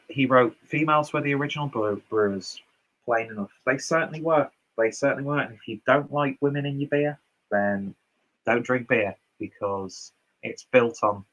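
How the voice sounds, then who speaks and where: A man's voice: mid-range voice, a bit bright, rough recording. A man casually reading out and answering viewer comments on his beer reviews, loose and chatty with lots of fillers and asides.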